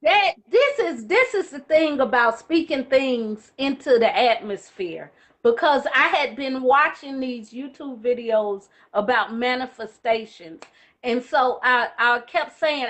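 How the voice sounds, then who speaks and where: A woman telling a lively personal story in casual conversation, getting emotional as she goes. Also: sits high, a little slow. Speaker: guest.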